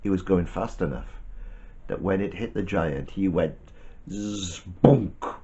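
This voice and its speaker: A man telling a Bible story to a child in a gentle, animated way with chatty asides. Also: low-pitched, normal speed, dull audio.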